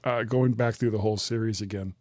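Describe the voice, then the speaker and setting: A man's voice: on the low side, fairly even intonation, brisk, a little mellow, dry recording, clean studio sound. A man hosting a podcast, chatting casually and laughing easily. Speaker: podcast host. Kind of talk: casual chat.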